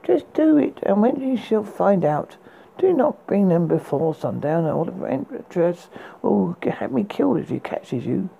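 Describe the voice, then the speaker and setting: A man's voice: high voice, big pitch swings, a little slow, creaky, dark tone, lo-fi sound, slight background noise, pitched above the performer's own voice, exaggerated voice. A man reading aloud and voicing a beautiful young woman locked in a tower, pert and saucy in a raised voice. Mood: pleading.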